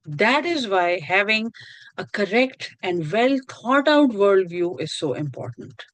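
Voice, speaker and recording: A woman's voice: mid-range voice, sing-song, slow, dry recording, low-quality recording. Earnest woman lecturing on a video call. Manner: earnest, repeats and restarts phrases. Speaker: course instructor. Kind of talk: online lecture.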